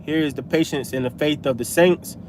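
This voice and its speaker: A man's voice: fairly high pitch, fairly quick, noisy background. A man preaching in a casual street style, scattering "man" and "hey" through his talk while he drives. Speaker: religious vlogger.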